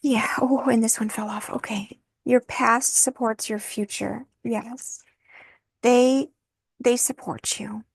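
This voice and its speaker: A woman giving an intuitive tarot reading, soft-spoken and emotional, thinking aloud as she turns the cards. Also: fairly high pitch, steady tone, slow pace, vocal fry, husky, dry recording. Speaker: tarot reader.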